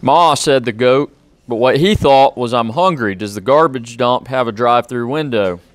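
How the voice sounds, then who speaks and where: A police officer reading a children's picture book aloud, with friendly, plain-spoken asides to young listeners. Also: male voice, medium pitch, moderate pace, no room sound. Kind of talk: children's storybook read-aloud.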